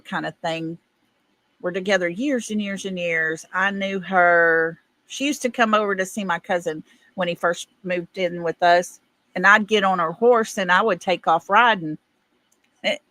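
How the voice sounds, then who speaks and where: A woman's voice: on the low side, fairly bright tone, no echo. A middle-aged woman with an East Texas accent, hosting a livestream and chatting casually with viewers in a folksy way while laughing often. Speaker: livestream host. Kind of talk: casual chat reading viewer comments.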